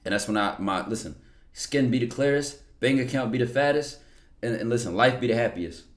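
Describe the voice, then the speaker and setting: A young man with a medium-pitched voice talks briskly on a casual livestream, answering viewer questions bluntly. He's full of slang, curses freely, and repeats words.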